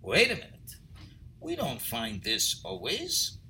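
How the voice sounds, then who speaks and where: A man teaching a Torah text class, reading Hebrew phrases and translating them, at times rising to loud emphasis. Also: medium pitch, wildly swooping pitch, takes it slowly, a little hiss or hum, low-quality recording.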